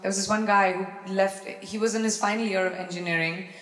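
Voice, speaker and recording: A woman's voice: medium pitch, fairly even intonation, fairly quick, a bit bright. A woman in her thirties with an Indian English accent, answering audience questions on stage in a playful, teasing way that often breaks into laughter. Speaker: celebrity guest on stage. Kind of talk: live stage Q&A, casual and joking. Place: large event hall. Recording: echoey hall with long reverb.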